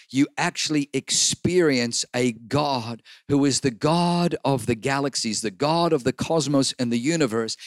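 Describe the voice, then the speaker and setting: A man's voice: fairly high pitch, no room sound, clean studio sound. A man, a pastor giving a sermon, who tells personal stories and repeats phrases for emphasis. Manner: animated storyteller acting out voices, repeats phrases for emphasis.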